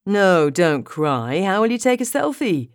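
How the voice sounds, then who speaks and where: A woman's voice: mid-range voice, big pitch swings, measured pace, clean tone, no room sound, studio quality, pitched above the performer's own voice. A woman voicing a playful young boyfriend. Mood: teasing. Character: affectionate young adult man, playful teasing boyfriend. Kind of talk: audiobook character voice.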